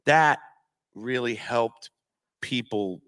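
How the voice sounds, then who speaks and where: A man, a voice actor, chatting casually on a convention panel, telling animated stories and dropping into impressions. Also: mid-range voice, very slow, smooth. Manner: animated storyteller, slips into impressions. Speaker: voice actor guest. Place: convention auditorium stage.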